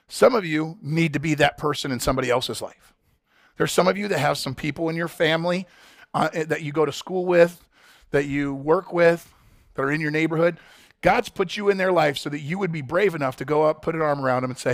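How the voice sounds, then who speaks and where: A man's voice: a little high, brisk, fairly bright tone, no echo, clean studio sound. A male pastor preaching a sermon with passion, repeating key phrases and speaking straight to his congregation. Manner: passionate, repetitive, direct address to congregation.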